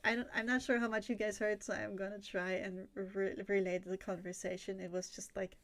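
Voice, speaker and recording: A woman's voice: mid-range voice, flat delivery, fairly quick. A young woman chatting casually on a livestream while she draws. She rambles, laughs often and swears freely. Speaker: streamer.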